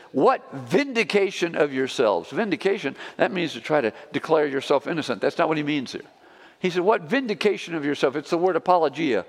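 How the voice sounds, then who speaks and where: A male pastor preaching an expository sermon, emphatic, climbing on stressed words and then dropping low. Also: big-room sound.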